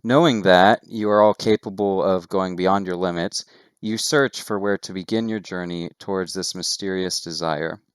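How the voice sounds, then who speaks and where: A man narrating a tabletop game as game master, with steady descriptive narration and casual asides. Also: low-pitched, normal speed, clean tone, no room sound, clean studio sound.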